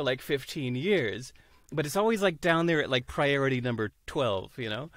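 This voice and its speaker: A man talking as a podcast guest, animated, laughing often and acting out the voices of people he quotes. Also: medium pitch, no echo. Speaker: interview guest. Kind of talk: casual podcast conversation.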